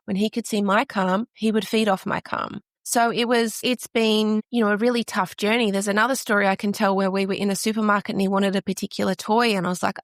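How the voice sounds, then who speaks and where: A woman's voice: medium pitch, dry recording, clean studio sound. A middle-aged woman with an Australian accent, a podcast guest telling personal stories in an earnest way, often restarting her sentences. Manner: earnest, storytelling, frequent restarts. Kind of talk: conversational podcast interview.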